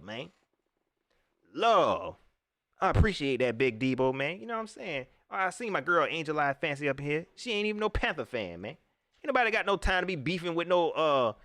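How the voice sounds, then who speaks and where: A man hosting a casual live-stream sports talk show, animated and repeating phrases, often laughing. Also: mid-range voice, no room sound. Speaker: sports fan show host.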